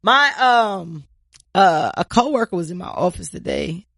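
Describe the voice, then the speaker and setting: A woman co-hosting a podcast in casual chat, telling stories in an animated way and swearing freely. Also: fairly low pitch, unhurried, vocal fry, dry recording, clean studio sound. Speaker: podcast co-host.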